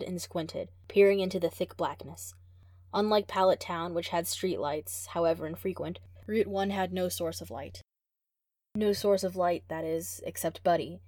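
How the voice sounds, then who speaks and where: A woman's voice: on the low side, dry recording. Woman reading a story in a dry voice. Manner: steady, expressive first-person storytelling. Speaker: reader. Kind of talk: reading fan fiction aloud.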